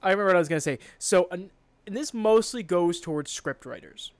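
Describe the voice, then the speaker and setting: A man's voice: high voice, fairly quick, no echo. A man co-hosting a podcast in casual chat, ranting with plenty of swearing and exasperation. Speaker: podcast co-host.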